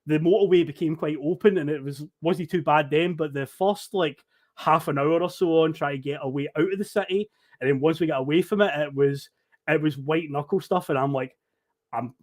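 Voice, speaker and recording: A Scottish man spinning a long, animated story for a podcast, swearing freely and laughing along. His voice sits a little high for a man, and he talks over an online call. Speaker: podcast guest. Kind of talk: casual storytelling.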